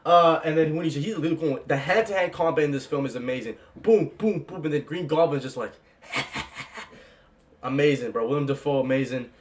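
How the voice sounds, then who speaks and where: A young man gushes about a film he loved, in an excited and casual reaction style. His voice sits a little high, and he keeps throwing in "bro" and "man" as he talks. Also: fairly quick. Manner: gushing, repeats "bro" and "man", bursts into yells. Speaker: movie reaction vlogger.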